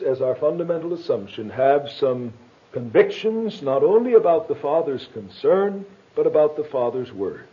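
A middle-aged man preaching a sermon, earnest and rising to emphatic bursts. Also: a little high. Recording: muffled lo-fi recording.

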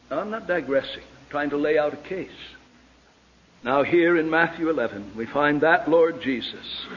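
Man preaching, impassioned, hushed then ringing, slightly high voice, dull lo-fi recording. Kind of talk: sermon.

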